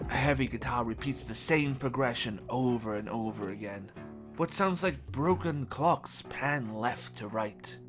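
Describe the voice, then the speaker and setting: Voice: mid-range voice, fairly bright tone. A video game reviewer reading a scripted review voice-over with dry, wry humor. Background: faint game music.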